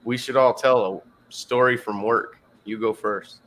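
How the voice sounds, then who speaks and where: A man in his forties jokes and teases through casual podcast chat. His voice is bright and edged. Faint background noise runs beneath it. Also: mid-range voice, fairly even intonation, unhurried, rough recording. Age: 40s. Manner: joking, teasing. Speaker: podcast co-host.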